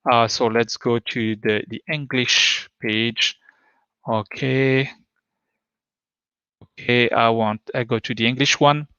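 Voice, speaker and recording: A man's voice: mid-range voice, steady tone, takes it slowly, long pauses, pushed and bright, smooth, no room sound, muffled recording. French-accented man giving a tech talk. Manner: hesitant, many fillers and restarts. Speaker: conference speaker. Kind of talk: technical talk with live demo. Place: home.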